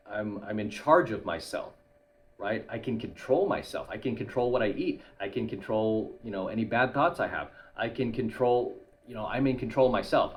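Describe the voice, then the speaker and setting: A man's voice: on the low side, a bit bright. Blunt man vlogging, ending lines with "right?". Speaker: YouTuber and dating coach. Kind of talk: casual monologue to camera.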